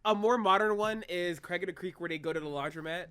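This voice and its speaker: Male co-host with a high, bright voice, acts out scenes. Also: fast talker, a little hiss or hum. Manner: animated, acts out cartoon scenes. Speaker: podcast co-host. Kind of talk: casual chat.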